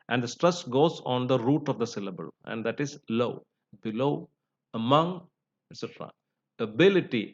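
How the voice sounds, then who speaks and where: A man teaching English phonetics, with many "you know" and "uh" fillers. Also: medium pitch. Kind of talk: lecture. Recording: slightly dull recording.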